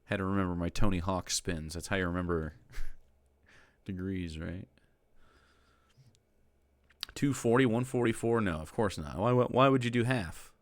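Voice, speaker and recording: Streamer, male, low-pitched, dry close sound, profane and exasperated. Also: measured pace, long pauses, no echo. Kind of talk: casual reaction commentary.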